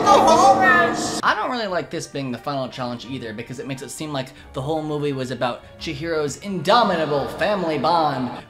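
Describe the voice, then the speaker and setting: A woman giving a comedic, sarcastic film critique as a commentator, often sounding exasperated. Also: low-pitched. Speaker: YouTube commentator.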